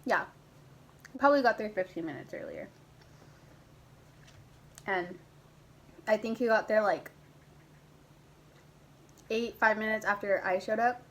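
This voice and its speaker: A young woman vlogger chatting casually as she tells a personal story, animated and a bit crude, now and then putting on a high squeaky voice for her younger self. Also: measured pace, pauses often, low-quality recording.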